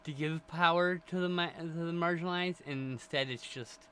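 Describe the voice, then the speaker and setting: A man co-hosting a casual movie chat show, talking in an animated, opinionated way and sometimes ranting. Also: a little high, moderate pace, smooth. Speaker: podcast co-host.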